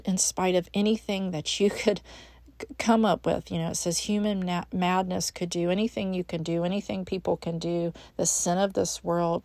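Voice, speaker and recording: A woman with a lowish, darkish voice and vocal fry hosts a devotional podcast with no room sound. She speaks earnestly and encouragingly to the listener as a friend, with frequent restarts and fillers.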